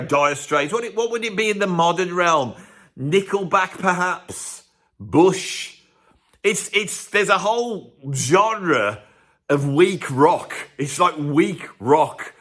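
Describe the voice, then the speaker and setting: A man's voice: high-pitched, sharp tone. Sarcastic man ranting. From United Kingdom. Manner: sarcastic, rambling, self-interrupting. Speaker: musician and video host. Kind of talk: ranting comic monologue to camera.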